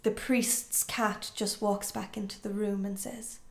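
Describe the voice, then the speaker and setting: A woman's voice: fairly high pitch, a little slow, few pauses. A woman telling a folk tale to friends, acting out the characters' voices with lots of energy. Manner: lively, acts out voices, laughs often. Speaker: storyteller. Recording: roomy echo.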